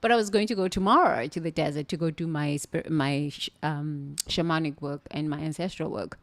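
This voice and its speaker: A woman from southern Africa, telling a spiritual story in an animated, exclamatory way with many restarts. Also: deep voice, brisk. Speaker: spiritual speaker.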